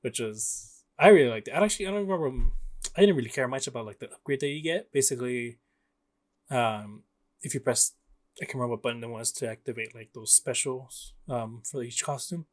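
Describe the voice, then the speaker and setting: A young man with a mid-range voice speaks briskly as a podcast co-host, chatting casually about a video game. He rambles with lots of fillers and laughs often.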